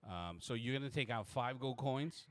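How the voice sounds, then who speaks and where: A man narrating a tabletop game as game master, with many halting restarts. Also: mid-range voice, expressive.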